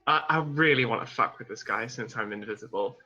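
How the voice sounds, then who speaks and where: A man playing a tabletop game, stammering and excitable as he talks. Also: mid-range voice, brisk, muffled recording, faint music behind. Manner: stammering, excitable, laughs easily. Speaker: player. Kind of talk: casual tabletop game play.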